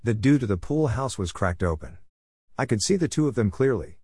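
A man reading a first-person story in a steady, even way. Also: medium pitch, a little fast, slightly rough, no echo, studio quality. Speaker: narrator.

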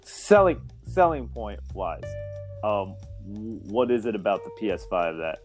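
A man's voice: fairly low pitch, big pitch swings, unhurried, soft background music. A male host in casual chat, teasing his guest and laughing often.

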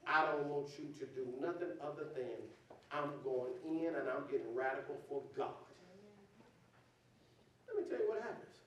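A man preaching a sermon as pastor, talking to his congregation as y'all and rising into shouts. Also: fairly high pitch, expressive, moderate pace, slight background noise. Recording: echoey hall, distant mic, faint ambience.

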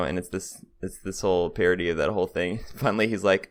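A man's voice: low-pitched, fast talker, few pauses. A young adult man co-hosting a podcast, chatting casually, laughing often and telling stories. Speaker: podcast co-host. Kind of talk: casual chat.

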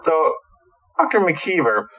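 A man playing a tabletop game over a voice call, talking in a quick, offhand way. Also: on the high side, sing-song, dull audio, slight background noise. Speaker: player.

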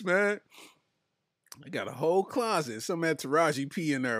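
Slow slangy young man, laughing. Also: a little high, big pitch swings, bright, forceful tone, dry recording, studio quality. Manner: laughs often, slangy and loose, trails off with "man" and "boy". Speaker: podcast host reading live chat. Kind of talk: casual comedic chat.

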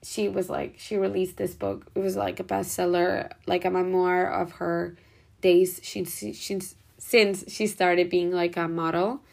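Woman with gravelly low voice, rambling. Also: level tone, a little slow. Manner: rambling, heavy use of "like" and "whatever". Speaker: podcast host. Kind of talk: casual reflective monologue.

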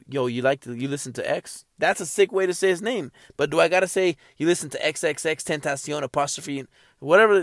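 A young man ranting in a casual monologue, animated and profane, repeating himself and laughing at his own points. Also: mid-range voice, dry recording, studio quality.

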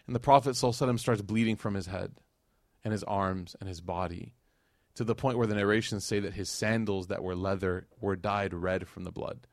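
A man giving a religious lecture as a casual, animated story, with slangy asides to the audience. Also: on the low side, a little fast, no room sound, studio quality. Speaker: Islamic lecturer.

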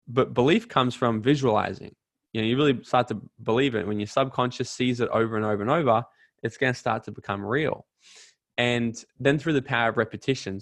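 A man in his twenties with an Australian accent, a podcast guest giving an emphatic, energetic motivational talk with casual swearing. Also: mid-range voice, no room sound. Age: 20s.

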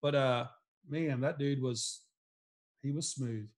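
A man's voice: medium pitch, steady tone, takes it slowly. A man hosting a casual chat, laid-back and reminiscing, with casual swearing.

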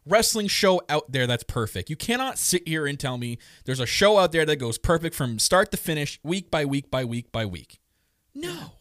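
Male podcast co-host, excitable and jokey, recorded close and dry. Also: on the high side, normal speed, few pauses, no echo. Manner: excitable, joking, many restarts. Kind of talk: casual wrestling chat.

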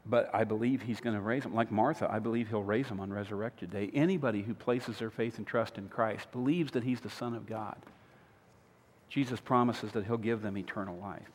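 A pastor preaching a sermon, retelling a story with humor, swinging between loud emphatic lines and quiet earnest appeals. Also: male voice, fairly low pitch, fairly even intonation, a little fast. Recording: long hall reverb.

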